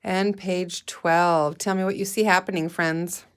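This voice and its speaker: Slow, patient woman teacher. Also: fairly low pitch, fairly even intonation, smooth. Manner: patient, deliberate, prompts the class. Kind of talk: guided reading lesson for young children.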